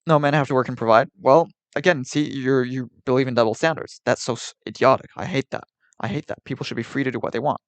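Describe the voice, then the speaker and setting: A man's voice: medium pitch, steady tone, quick pace, no room sound. A man streaming live, arguing with and ranting at his chat in an exasperated, repetitive way. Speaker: livestreamer.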